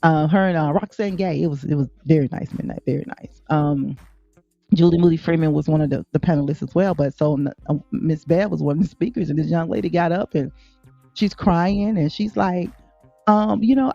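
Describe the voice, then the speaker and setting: A woman co-host talks with a gravelly edge, dry and close to the mic. She tells stories with exasperation and acts out the people she quotes. The sound is slightly dull, with faint music underneath. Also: lowish voice, fairly quick, mellow, no echo. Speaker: podcast co-host. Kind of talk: casual chat.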